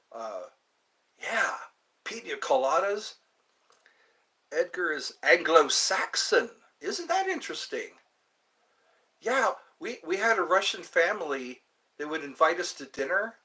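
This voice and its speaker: A man with a high-ish, pushed, bright voice hosts a livestream, heard through a computer mic. His casual chat to viewers rambles along, amused and meandering, often trailing off into asides.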